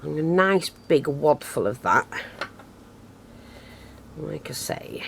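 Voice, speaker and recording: A woman's voice: deep voice, sing-song, slow pace, creaky, slight background noise. A woman giving a casual craft tutorial, chatty and self-deprecating, thinking aloud as she works close to the camera. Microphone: camera close to her hands, picks up breathing.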